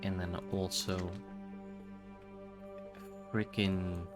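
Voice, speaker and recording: Low-voiced rambling streamer, man. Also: little pitch movement, extremely slow, over loud music. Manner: rambling, self-mocking, talks to chat. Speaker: game streamer. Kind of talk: casual live-stream chatter.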